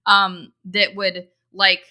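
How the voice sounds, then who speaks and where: Co-hosting a relaxed business chat, this e-commerce marketer talks loosely and chattily, full of fillers and restarts. Her mid-range voice is bright and forceful, with a level tone, and she takes her time.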